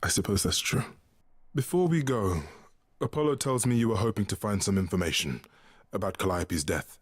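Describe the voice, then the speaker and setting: An actor playing a gentle, consoling male god, speaking calmly in a husky low voice. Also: normal speed. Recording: game audio with faint music beneath.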